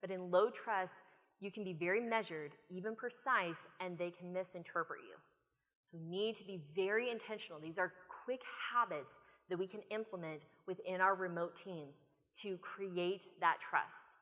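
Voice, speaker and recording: An American woman speaker giving an animated, storytelling conference talk from a stage. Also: on the low side, moderate pace. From United States. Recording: long reverb of a conference hall.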